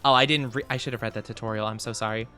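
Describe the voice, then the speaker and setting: Bright, giggly livestreamer chatting. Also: medium pitch, steady tone, very fast, soft background music. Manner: chatty and giggly, answers chat messages. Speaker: streamer reading chat. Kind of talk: casual livestream chat over gameplay.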